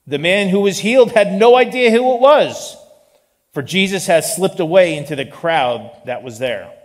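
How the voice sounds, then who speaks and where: A male pastor preaching a sermon in an animated style, with joking asides. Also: high voice, moderate pace. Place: church sanctuary. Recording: long reverb of a large hall.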